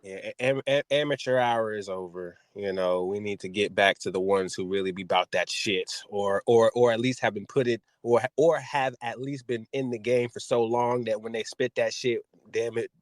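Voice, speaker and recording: A man co-hosting a casual podcast, telling animated stories and acting out quotes in put-on voices. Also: normal speed, few pauses, no room sound. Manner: animated storyteller, acts out quotes with big pitch jumps. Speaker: podcast co-host.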